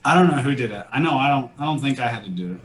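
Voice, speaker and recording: A man's voice: medium pitch, animated, quick pace, poor audio. A man in his thirties, an army veteran, telling war stories in a blunt, rambling, heavily profane way. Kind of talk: casual war storytelling.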